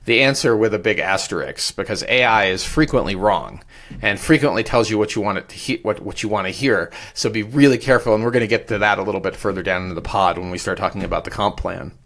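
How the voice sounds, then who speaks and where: Podcast co-host, male, low bright voice, rambling conversational delivery. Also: fast talker. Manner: chatty, rambling with restarts and fillers. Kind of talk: casual real estate podcast chat.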